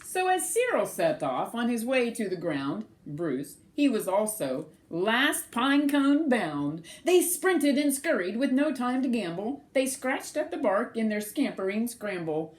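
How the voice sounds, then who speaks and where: A woman reads a rhyming picture book aloud to children in a lively, sing-song voice that rises and falls a lot. Her voice is fairly high, and she takes it slowly. She stops now and then to ask the children questions. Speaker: storyteller reading to children.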